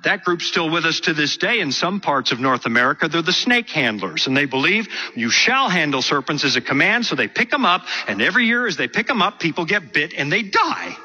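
A man preaching a sermon, telling stories with lively acted-out quotes. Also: on the high side, a little fast, few pauses, breathy edge. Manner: animated, storytelling with acted quotes. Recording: muffled lo-fi sermon recording.

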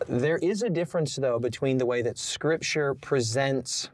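A man's voice: medium pitch, moderate pace, no echo. A man hosting a faith discussion panel, speaking in an emphatic, reflective way. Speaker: host.

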